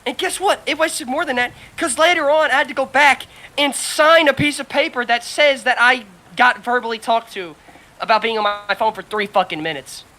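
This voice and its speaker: A woman chatting on a podcast with a bright, forceful voice. She tells a long work story in an animated, profane way, slipping into quick impressions of the people in it. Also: high-pitched, rough recording. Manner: animated storyteller, heavy swearing, acts out quotes. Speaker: podcast co-host. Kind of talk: casual chat.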